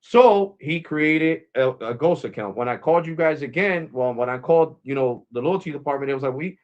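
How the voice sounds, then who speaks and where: A man's voice: on the high side, animated, brisk, muffled recording. An American man live streaming as host, talking casually and with exasperation, repeating himself as he rambles. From United States.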